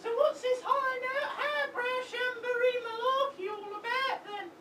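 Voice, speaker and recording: A woman playing a pushy London street urchin with a put-on Cockney accent in an improvised stage comedy, calling out loud, drawn-out hawker's cries. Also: very high-pitched, steady tone, exaggerated voice. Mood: hawking. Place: fringe theatre stage. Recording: echoey live stage from far off, noisy.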